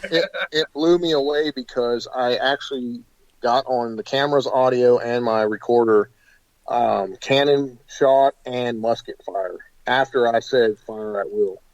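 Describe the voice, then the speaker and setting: A man being interviewed about paranormal investigations, telling stories in an animated, hesitant way full of fillers. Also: mid-range voice, measured pace, no room sound, muffled recording. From United States. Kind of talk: casual interview storytelling.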